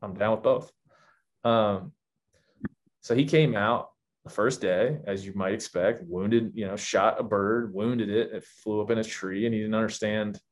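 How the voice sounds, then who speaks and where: A man's voice: fairly low pitch, fairly even intonation, measured pace. A man talking as a podcast guest, candid and reflective, often restarting his sentences. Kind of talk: casual podcast chat.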